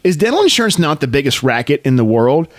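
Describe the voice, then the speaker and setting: Lively, joking man podcast co-host. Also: on the high side, dry recording, clean studio sound. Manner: joking, quick quips and backchannel. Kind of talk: casual chat.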